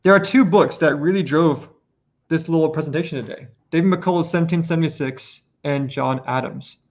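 An earnest man lays out his points on a casual podcast, pressing harder on each one. His voice sits a little high. The audio is dull and lo-fi. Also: a little fast. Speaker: podcast guest presenter. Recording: lo-fi muffled audio.

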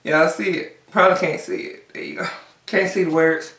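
A woman's voice: on the low side, fairly even intonation, moderate pace, fairly bright tone, far from the mic. A woman hosting a casual eating-show vlog, chatting directly to her viewers. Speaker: mukbang vlogger. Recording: echoey room, voice away from the mic.

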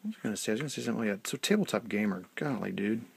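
Gravelly-voiced man rambling at his hobby desk. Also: on the low side, animated, rapid-fire, very noisy. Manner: chatty, self-deprecating, trails off mid-sentence. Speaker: hobby channel host. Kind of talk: rambling casual hobby vlog.

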